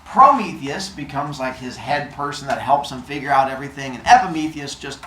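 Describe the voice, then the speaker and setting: A man tells a silly story in a playful, animated way, throwing in goofy sound effects. His pitch swings widely as he goes. The room gives a clear echo. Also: a little fast, a little hiss or hum. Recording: roomy echo.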